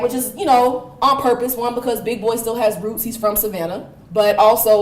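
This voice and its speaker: A woman giving a university lecture, telling the story in a lively, animated way with frequent laughter. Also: fairly high pitch, far from the mic. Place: lecture room. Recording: roomy hall sound.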